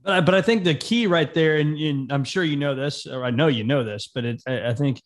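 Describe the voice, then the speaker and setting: A man hosting a casual interview, his voice sitting a little high. He talks emphatically and bluntly, pushing motivational points. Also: brisk.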